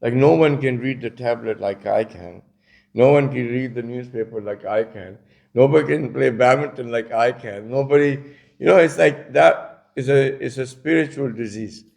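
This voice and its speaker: A man's voice: mid-range voice, moderate pace, vocal fry, a little mellow. A man delivering a conversational religious lecture, telling stories with many casual asides. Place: community centre lecture.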